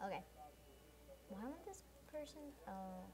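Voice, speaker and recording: A female gamer in casual commentary, muttering to herself slowly as she plays. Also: a little high, over music. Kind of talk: gameplay commentary. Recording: game noise behind.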